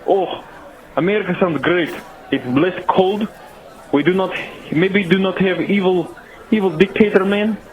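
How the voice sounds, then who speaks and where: A man's voice: high voice, unhurried, dull audio, pitched above the performer's own voice. Man putting on a goofy Russian caller. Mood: goofy cheerful. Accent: fake Russian. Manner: broken English, rambling, jokey. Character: Russian male caller, mine worker, goofy and cheerful.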